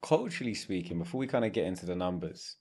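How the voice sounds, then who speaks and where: A man with a very low, deep voice hosts a podcast interview. He asks long, searching questions and keeps the guest going with steady murmurs of agreement. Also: fast talker. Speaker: podcast host.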